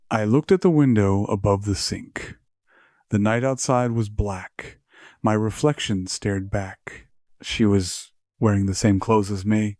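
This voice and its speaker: A man with a low voice narrating a scripted horror story in a measured, even way. The recording is dry and close, with no room sound. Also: no echo.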